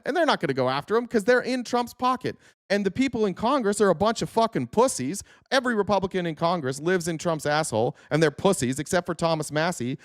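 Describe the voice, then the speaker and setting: A man with a high, lively voice delivers a heated, profane livestream rant and confronts his viewers. His pitch swings widely as he argues. The sound is dry and close to the mic. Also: dry recording. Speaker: political livestreamer.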